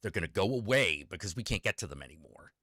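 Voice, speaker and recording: A man co-hosting a casual chat, animated, swinging between loud emphasis and low mutters. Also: fast, dry recording, clean studio sound.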